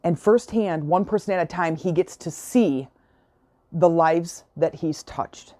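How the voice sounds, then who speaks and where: A woman talks straight to her listeners in a heartfelt, motivational podcast monologue. Her voice sits a little low and sounds mellow. The recording is dry and close, with no room sound. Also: measured pace, no echo. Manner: earnest, motivational, emotional. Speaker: podcast host.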